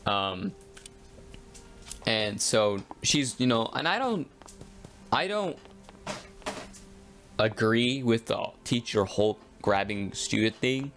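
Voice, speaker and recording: A young man telling a school story in a casual, rambling way while gaming, slipping into quick voiced quotes. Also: fairly low pitch, lively intonation. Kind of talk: casual storytime over gameplay.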